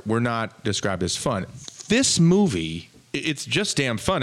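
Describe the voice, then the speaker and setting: A man's voice: lowish voice, a bit bright. A man co-hosting a casual film debate, enthusiastic and prone to restarts, laughing easily. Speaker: movie podcast co-host.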